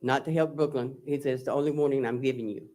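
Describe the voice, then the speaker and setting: A woman's voice: a bass voice, fairly even intonation, fast talker, warm tone. A woman on the witness stand in a courtroom, recounting text messages and quoting both sides. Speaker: defendant testifying. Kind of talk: courtroom testimony.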